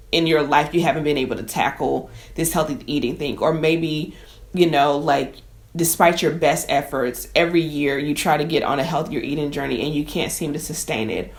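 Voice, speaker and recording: Woman, chef, deep voice, heartfelt conversational storytelling. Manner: emotional, conversational, addresses viewers as y'all. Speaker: chef and cooking teacher. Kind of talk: personal story to camera.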